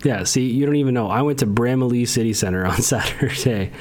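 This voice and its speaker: A man's voice: medium pitch, a little fast, a little mellow. A man co-hosting a podcast, chatting casually, laughing as he talks and restarting his words. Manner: laid-back, laughs while talking, restarts words. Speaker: podcast co-host. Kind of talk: casual chat.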